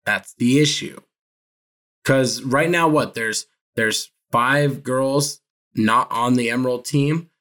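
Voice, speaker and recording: A man in casual podcast conversation, his voice sitting at an ordinary middle pitch. He rambles, trips over his words and laughs along as he makes his points. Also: takes it slowly, fairly bright tone. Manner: rambling, self-correcting, laughs often. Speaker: podcast co-host. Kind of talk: casual chat about a reality show.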